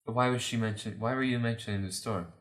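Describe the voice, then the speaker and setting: A man's voice: mid-range voice, fast talker, a little hiss or hum. A man playing a tabletop game in character, talking casually and hesitantly with many fillers. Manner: animated, hesitant, lots of fillers. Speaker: player.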